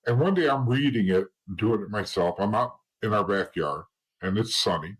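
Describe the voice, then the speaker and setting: A middle-aged man with a husky voice talks candidly as an interview guest. His voice sits on the low side. He rambles bluntly and keeps restarting his sentences. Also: animated, normal speed, rough recording. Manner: rambling and blunt, with frequent restarts and "you know". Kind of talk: candid personal storytelling in an interview.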